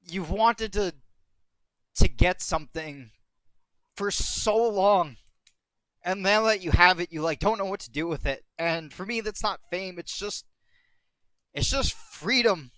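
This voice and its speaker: A man streaming from home, rambling in a halting, emotional way and close to tears, repeating himself as he searches for words. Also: sits high, a bit bright, no room sound. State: tearful, on the verge of crying. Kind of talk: emotional live-stream monologue.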